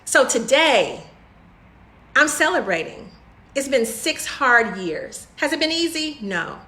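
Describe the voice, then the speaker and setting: A woman's voice: high voice, sing-song, takes it slowly, bright, forceful tone, reverberant. A woman giving a motivational video talk about running a home business, emphatic and preachy, calling her viewers y'all.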